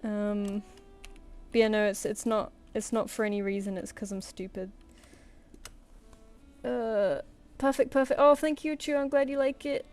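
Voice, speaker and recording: A woman's voice: fairly high pitch, fairly even intonation, normal speed, a little mellow, faint music behind. Chatty self-deprecating woman streamer. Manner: rambling, self-deprecating, chatting to her pet. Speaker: artist streaming live commissions. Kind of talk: casual live-stream chat.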